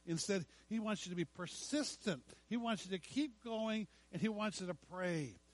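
A middle-aged man preaching from the pulpit in a voice pitched a bit high for a man. He leans hard on the scripture, stretching key words out slowly. Then he drops to soft, low asides. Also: rough recording. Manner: emphatic preaching, slows to stress scripture, drops to hushed asides. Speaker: pastor. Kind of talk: sermon.

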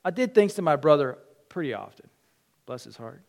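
A middle-aged male pastor preaching a sermon, telling personal stories in an animated way, acting out quotes and dropping to a near whisper at times. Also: on the high side, brisk, vocal fry.

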